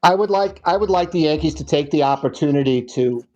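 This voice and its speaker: A man's voice: fairly high pitch, fairly quick, lo-fi sound, crowd noise. A middle-aged man hosting a casual sports podcast in an easygoing way, steering the talk and cueing up clips. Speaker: podcast host.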